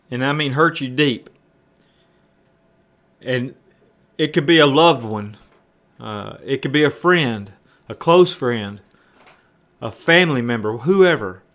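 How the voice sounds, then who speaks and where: A man delivers a sermon in a conversational, unpolished way. He often doubles back on words and restarts his sentences. His voice sits at an ordinary middle pitch. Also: a bit bright. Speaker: preacher.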